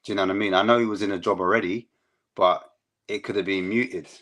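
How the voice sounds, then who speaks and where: A man's voice: low-pitched, fairly even intonation, quick pace, a bit bright. A man chatting casually as a football fan panelist, rambling with fillers.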